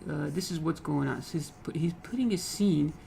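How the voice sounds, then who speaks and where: Male lit teacher, gravelly fry voice, halting, repeats phrases, faint background hiss. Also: fairly high pitch, warm tone, poor audio. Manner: repeats phrases, frequent "okay?" checks, halting restarts. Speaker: literature teacher. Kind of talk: explaining a poem in a lecture.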